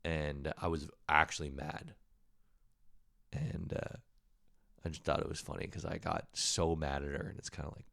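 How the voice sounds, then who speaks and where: A man's voice: rumbling low, steady tone, moderate pace, vocal fry, pauses often, fairly bright tone, no room sound, studio quality. A man hosting his own show, telling a rambling, profane, self-mocking story in a casual way, with a sore throat. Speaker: podcast host. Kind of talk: casual comedic storytelling monologue.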